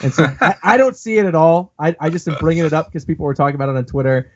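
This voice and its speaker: A man co-hosting a casual podcast, recapping a comic chapter with animated delivery. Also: rapid-fire. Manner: animated, acts out character lines in a higher voice. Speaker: podcast co-host. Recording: dull lo-fi podcast audio.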